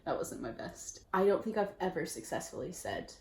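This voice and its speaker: A young woman from the United States chats playfully as she puts questions to her husband. Her voice sits a little low for a woman. The room sounds echoey around her. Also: very animated, moderate pace, darkish tone, slight background noise. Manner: laughs often, playful. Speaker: YouTuber interviewing her husband. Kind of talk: casual chat.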